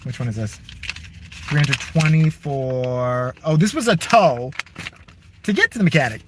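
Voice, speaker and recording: A man ranting to the camera from his car, exasperated and sarcastic, swearing freely as he complains. His voice sits a little high for a man. A faint hiss of noise runs under the recording. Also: animated, unhurried, pauses often. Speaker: vlogger. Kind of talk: casual profane rant to camera.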